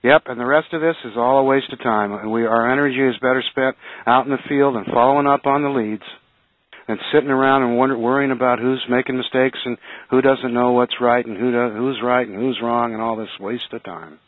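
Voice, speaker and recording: A man's voice: mid-range voice, fairly even intonation, a little fast, no room sound. A man co-hosting a radio talk show, speaking earnestly with frequent hesitations and restarts. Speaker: radio show co-host, museum curator. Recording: tinny phone-line radio audio.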